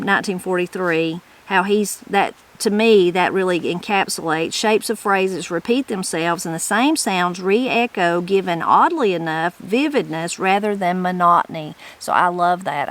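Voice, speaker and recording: A woman with an Appalachian accent hosting a regional culture channel, reading dictionary entries aloud and commenting on them in a relaxed, chatty way with loose restarts. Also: fairly low pitch, poor audio.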